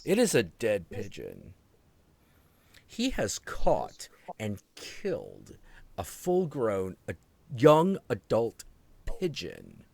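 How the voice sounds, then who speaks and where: A man hosting a live video-call stream, telling a story in an animated way and swearing freely. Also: fairly low pitch, slow, gravelly, breathy edge, dry recording. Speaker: host. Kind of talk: casual chat on a live stream.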